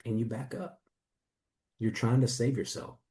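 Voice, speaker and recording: A man's voice: mid-range voice, fairly even intonation, measured pace, warm tone. A man in a testimonial interview, earnestly and reflectively telling his own story as a coaching client.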